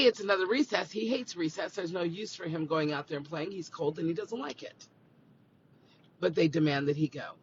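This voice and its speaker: High-voiced man telling a lively story. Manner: animated, acts out quoted dialogue. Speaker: livestream host and school staff member. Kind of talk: casual livestream chat and storytelling. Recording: slightly muffled phone audio, faint noise.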